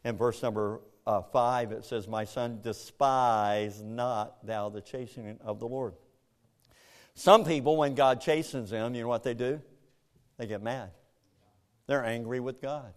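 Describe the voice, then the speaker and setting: A male pastor preaching with lively, theatrical delivery. He drops low and quiet, then leaps into loud, high-pitched mock voices. His pitch sits mid-range for a man. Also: measured pace. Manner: animated preaching, acting out voices with loud bursts. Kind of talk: sermon.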